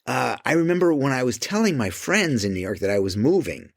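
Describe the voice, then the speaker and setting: A man speaking as a creative coach in an emphatic motivational monologue, swearing casually and dropping to quiet low asides. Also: sing-song, brisk, vocal fry, dry recording, clean studio sound.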